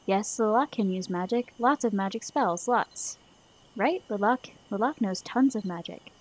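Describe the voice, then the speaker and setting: A woman's voice: medium pitch, a little slow, close to an everyday voice. A woman voicing a mad old male shaman who mutters, stammers and speaks of himself in the third person. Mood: muttering.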